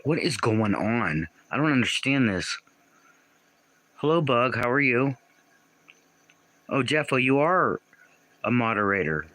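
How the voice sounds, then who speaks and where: A man's voice: medium pitch, big pitch swings, a little slow, pauses often, pushed and bright, low-quality recording. A man hosting a casual livestream from home, greeting viewers by name and puzzling over their comments. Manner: reads out and answers viewer comments, often confused. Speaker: livestream host.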